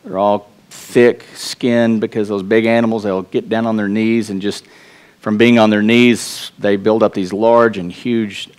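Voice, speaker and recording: A pastor with a Texas accent preaches in church, earnest and conversational, restarting phrases and making asides to the congregation. His voice is on the low side with a darkish tone.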